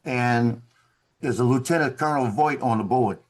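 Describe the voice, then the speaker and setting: A man's voice: medium pitch, normal speed. A man on a video call, telling a story in a casual way and acting out the officers he quotes. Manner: animated, acts out quoted officers. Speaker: former Marine telling a story.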